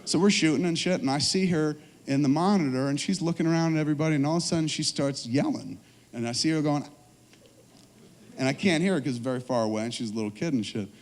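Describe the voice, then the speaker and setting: A man's voice: on the high side, fast talker, long reverb tail. A man in his forties on a trade show stage, telling long, profane, rambling stories to a live audience. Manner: profane, animated, rambling anecdotes. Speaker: filmmaker guest speaker.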